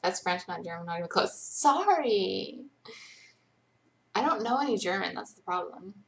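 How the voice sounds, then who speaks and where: This young woman hosts a casual late-night live Q&A from home, speaking quickly in a gravelly, lowish voice. She's chatty and rambling, often joking at her own expense.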